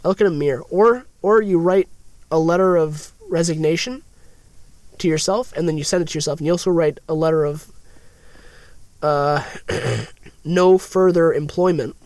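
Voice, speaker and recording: A man's voice: a little high, moderate pace, pauses often, a little mellow, no echo. A young man co-hosting a podcast in casual chat, playful and ranting, slipping into mock voices. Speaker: podcast co-host.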